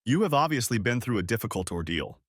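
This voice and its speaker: A man's voice: mid-range voice, very animated, quick pace, no room sound, studio quality. A man voicing a polite, formal middle-aged male police inspector.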